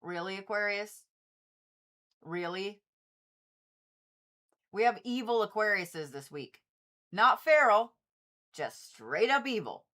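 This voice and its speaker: In a casual livestream card reading, a woman with a bright, mid-range voice talks directly to her viewers, chatty and freely profane. She's a Reiki practitioner and tarot reader who speaks animatedly but slowly, leaving long pauses.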